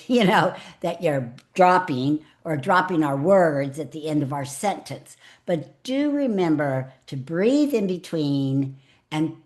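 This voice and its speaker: A middle-aged woman coaching public speaking over a call, in a lowish voice. She talks in a chatty, animated way and swings her tone up and down as she teaches. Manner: chatty, expressive, animated delivery with laughs. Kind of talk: live online coaching talk.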